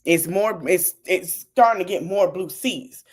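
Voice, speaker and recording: A woman hosting a podcast, talking to her audience in an animated, casual way about politics and laughing often. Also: lowish voice, measured pace, husky. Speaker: podcast host.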